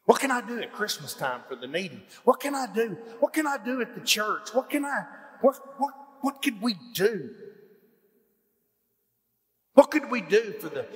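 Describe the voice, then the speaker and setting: Lively high-voiced preacher. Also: male voice, in a large hall. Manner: folksy, animated preaching with rising emphatic questions. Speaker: pastor. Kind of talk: sermon. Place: church hall.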